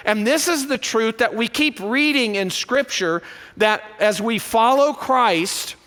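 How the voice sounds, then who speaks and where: Man, pastor, sermon, high voice, bright tone, animated questions. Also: in a large hall. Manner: animated, asks rhetorical questions. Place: church sanctuary.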